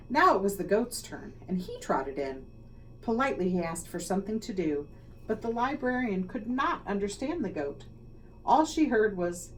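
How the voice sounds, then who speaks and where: A woman, a school leader, reading a children's picture book aloud with expressive, dramatic storytelling. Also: medium pitch, unhurried. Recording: slightly distant mic, faint noise.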